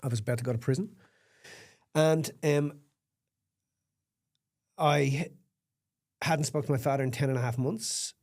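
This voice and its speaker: A middle-aged man speaks as a podcast guest, with a warm, mellow tone at an ordinary pitch for a man. He tells his story candidly and emphatically. He swears bluntly and does not smooth over rough edges. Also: fairly even intonation, a little slow, long pauses.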